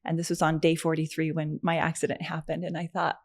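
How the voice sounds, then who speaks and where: A middle-aged woman, a podcast guest, telling a personal story in a chatty, animated way, with many fillers and frequent laughs. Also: low voice, brisk, creaky. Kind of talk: conversational storytelling.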